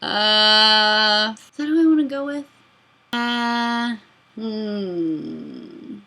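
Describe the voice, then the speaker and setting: A woman in her mid-twenties hosting a casual fan Q&A, excitable and giggly, rambling between answers. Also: medium pitch, drawn-out words. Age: mid-20s. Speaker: YouTube host answering fan questions. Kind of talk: casual Q&A chat.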